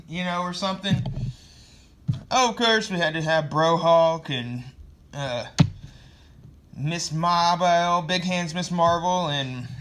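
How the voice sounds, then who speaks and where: A man giving a casual, rambling comic book review, sarcastic and quick to swear. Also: a little high, bright, forceful tone, a little hiss or hum.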